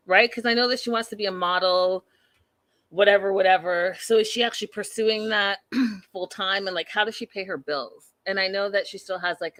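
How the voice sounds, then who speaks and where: A woman host chats her way through a reality-show recap in a loose, animated way. She talks to the viewers directly and laughs at her own jokes, keeping it casual. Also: lowish voice. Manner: chatty, animated, laughing at herself, asides to viewers.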